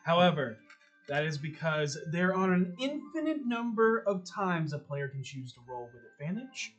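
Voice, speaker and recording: A man acting as game master, narrating a tabletop role-playing game in a measured, descriptive way. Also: fairly high pitch, sing-song, fairly bright tone, soft background music.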